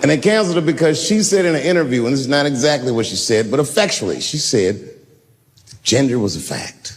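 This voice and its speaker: Male stand-up comic, live routine, lively, swooping storyteller. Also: fast talker, big-room sound. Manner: animated storytelling with swings in pitch and volume. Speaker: stand-up comedian.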